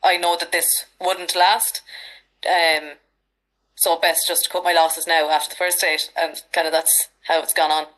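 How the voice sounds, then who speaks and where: Irish woman, 30s, lowish voice, lively storyteller who swears freely. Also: normal speed, rough recording. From Ireland. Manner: chatty, animated anecdotes with frank swearing. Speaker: podcast guest. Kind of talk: casual storytelling chat.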